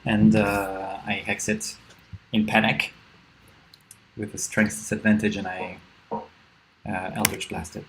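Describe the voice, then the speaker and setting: A man playing a tabletop game in casual chat, quick to laugh. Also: lowish voice, little pitch movement, slight background noise, rough recording. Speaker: player.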